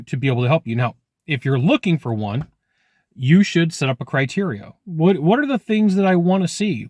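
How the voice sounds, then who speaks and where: Blunt, fairly high-voiced man coaching. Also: no echo. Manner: blunt, repetitive, conversational. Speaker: sales trainer. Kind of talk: direct-to-camera coaching talk.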